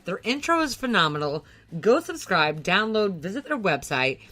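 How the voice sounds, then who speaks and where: A woman's voice: mid-range voice, very animated, moderate pace, pushed and bright. A woman from the United States co-hosting a podcast, talking in a heated, profane, emphatic way. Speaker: podcast co-host. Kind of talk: angry rant on a podcast.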